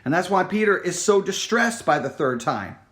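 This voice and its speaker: A man preaching a sermon, reading scripture aloud and retelling it with dramatic pauses, repeated words and sudden drops to a near-whisper. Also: high-pitched, animated, fairly bright tone.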